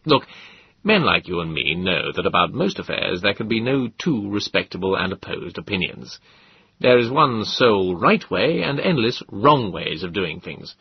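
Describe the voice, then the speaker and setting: A man voicing an earnest, persuasive middle-aged male government official in an audiobook, lecturing in a husky voice. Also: on the low side, very animated, moderate pace, no echo, exaggerated voice. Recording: dull lo-fi dry audiobook.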